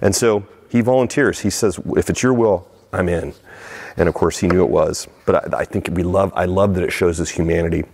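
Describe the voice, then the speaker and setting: Lower-voiced male pastor preaching. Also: brisk, creaky, few pauses, husky. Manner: animated, rising in pitch when acting out crowd lines. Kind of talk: sermon.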